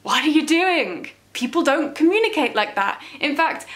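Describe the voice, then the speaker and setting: A woman's voice: high voice, big pitch swings, normal speed, a bit bright. Exasperated young woman ranting. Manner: exasperated, incredulous and sarcastic, firing rhetorical questions. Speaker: book vlogger. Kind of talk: ranting book-to-film review vlog.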